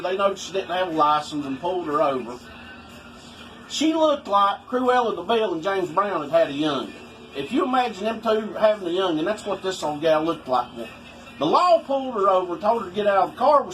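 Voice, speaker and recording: A man's voice: high voice, fairly bright tone, slight background noise, low-quality recording. A man telling rambling, folksy stories in casual talk. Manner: folksy, rambling, swoops for effect. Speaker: storyteller vlogger.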